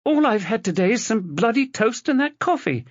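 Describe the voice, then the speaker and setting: A man voicing a worried young wife lying in a hospital bed, tired and sharp, in a dull lo-fi recording. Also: medium pitch, animated, a little slow, slightly rough, no room sound, pitched above the performer's own voice. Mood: alarmed.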